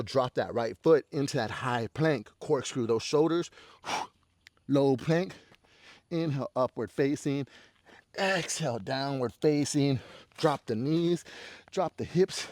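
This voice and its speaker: A man's voice: a little high, a little mellow, dry recording. A man leading a yoga flow, cueing breaths and poses in a laid-back way and swearing constantly. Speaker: yoga instructor. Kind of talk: guided yoga class with profane banter.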